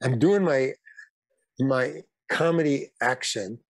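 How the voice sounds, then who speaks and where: A man's voice: medium pitch, slow, no room sound. A man in his eighties, a guest actor and comedian, telling casual anecdotes in a rambling way, with repeated words, restarts and some blunt swearing.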